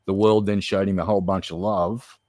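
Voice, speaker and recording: A man talking as a guest on a chat stream, blunt and profane as he tells a long story. His voice sits a bit low for a man, close and dry on the mic with no room echo. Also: level tone, brisk, darkish tone. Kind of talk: casual chat.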